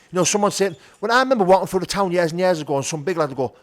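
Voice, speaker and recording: A man's voice: high-pitched, racing, few pauses. A middle-aged man, a podcast guest telling his story frankly, peppering his talk with "you know" and "do you know what I mean". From North of England. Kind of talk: candid conversational storytelling.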